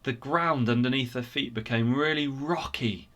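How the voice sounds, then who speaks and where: A man retelling a story for children at church, animated and expressive. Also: medium pitch, normal speed.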